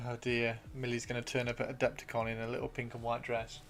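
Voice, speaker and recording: A man's voice: medium pitch, steady tone, fairly quick, hardly any pauses, smooth. A man streaming live, chatting casually and joking as he reads out viewer messages, his throat a bit worn from talking. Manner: chatty, joking, self-mocking. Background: faint video game music.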